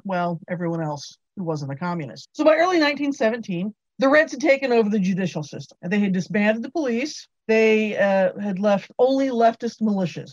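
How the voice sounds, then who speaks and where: A woman's voice: mid-range voice, dry recording. Wry woman co-host, dry close sound. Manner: wry, sarcastic storytelling. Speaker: podcast co-host. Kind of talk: casual political commentary. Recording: dry, slightly dull sound.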